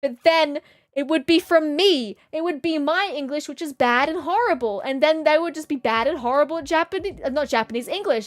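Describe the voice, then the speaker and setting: A woman's voice: high-pitched, brisk, faint music behind. A woman streamer chatting casually on a live stream, rambling through playful tangents with frequent giggles. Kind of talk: casual live-stream chat while drawing.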